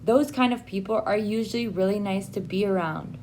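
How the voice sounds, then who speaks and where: Woman teaching English vocabulary slowly. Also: mid-range voice, darkish tone, a little hiss or hum. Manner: slow, clear modeling of phrases for learners to repeat. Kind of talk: ESL vocabulary lesson.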